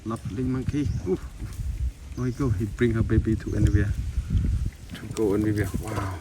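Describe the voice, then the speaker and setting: A man with filming monkeys outdoors at sunset, chattering in excited, repetitive exclamations. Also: on the low side, moderate pace. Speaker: wildlife vlogger filming monkeys. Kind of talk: casual live commentary while filming. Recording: distant outdoor camera audio with noise.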